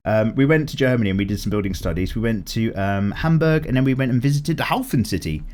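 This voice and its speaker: A man's voice: mid-range voice, fast talker. A man in his thirties hosting an art channel, chatting casually through viewer comments with a slightly strained, cracking voice and free swearing. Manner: chatty and lively, swears freely. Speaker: YouTube art channel host.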